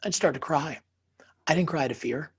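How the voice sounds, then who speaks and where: Very husky man telling his story. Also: a little high, fairly quick. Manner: emphatic, dramatic, drops to a whisper for effect. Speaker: podcast guest, author. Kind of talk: personal storytelling in an interview.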